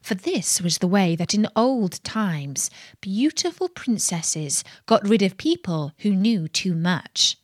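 A woman narrating a fairy tale with expressive storytelling. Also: mid-range voice, dry recording, clean studio sound.

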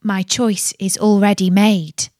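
A woman reading a gentle young gardener lad. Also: mid-range voice, flat delivery, takes it slowly, no echo, clean studio sound, close to an everyday voice. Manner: gentle, earnest. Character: young male gardener boy dressed as prince.

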